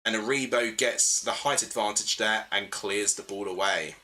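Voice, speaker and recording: Calling plays on his live football watchalong, a young livestream host chats with viewers and thinks out loud, fielding chat between calls. He speaks at normal speed in a lowish, sharp-toned voice.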